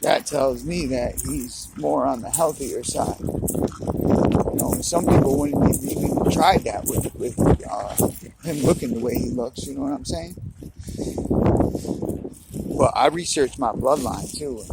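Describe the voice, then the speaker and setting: A man's voice: medium pitch, measured pace, gravelly, pauses often, heavy background noise. A man chatting casually while walking his dog outdoors, filming on his phone, with a laid-back, chatty manner. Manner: laid-back, chatty, full of "you know what I'm saying". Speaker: dog owner vlogger. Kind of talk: casual walk-and-talk vlog.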